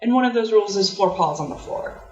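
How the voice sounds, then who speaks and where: A woman's voice: mid-range voice, animated, fast talker, reverberant, muffled recording, close to an everyday voice. A woman voicing a stern, officious male cat who acts as a block's health inspector, in a tabletop game. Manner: officious, threatening, self-important.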